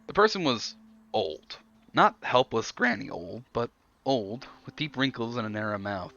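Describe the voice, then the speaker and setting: A man streaming himself reading an interactive story aloud, thinking out loud between the narration. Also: medium pitch, expressive, measured pace, highs cut off.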